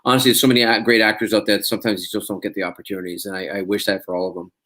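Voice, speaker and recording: A man's voice: on the low side, level tone, rapid-fire, fairly bright tone. A man, an actor being interviewed, talking casually and rambling with many restarts.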